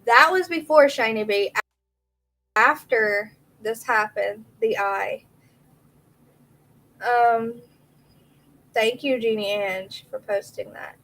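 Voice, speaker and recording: A woman's voice: a little high, takes it slowly, pauses often, a bit bright, low-quality recording. A woman hosting a true crime live stream, chatting casually, answering viewers by name and reading messages aloud.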